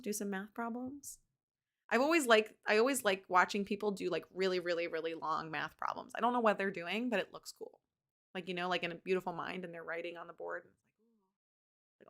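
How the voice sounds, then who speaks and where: Woman, live-stream book reader, chatty, talks back to the chat, reads aloud, medium pitch. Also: fairly bright tone.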